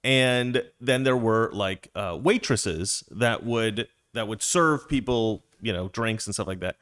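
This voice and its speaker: A man's voice: lowish voice, slow pace, fairly bright tone, clean tone. A middle-aged man telling a rambling, chatty story as a casual monologue, with playful asides.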